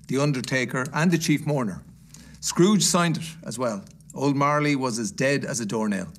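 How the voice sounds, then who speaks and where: A man reading a classic story aloud in a measured storytelling manner. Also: medium pitch. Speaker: guest reader.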